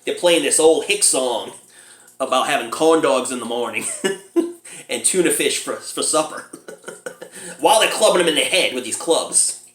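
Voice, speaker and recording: A man casually reviewing a low-budget horror movie, laughing often as he retells scenes and squeaks out the characters' lines. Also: lively intonation, unhurried, pauses often, fairly bright tone, echoey room.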